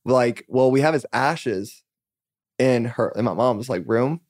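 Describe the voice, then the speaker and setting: A man, a musician appearing as a podcast guest, tells a long personal story in a rambling, filler-heavy way, acting out quoted dialogue in a casual storytelling interview. His mid-range voice is unhurried and a little mellow, recorded in studio quality with no room sound.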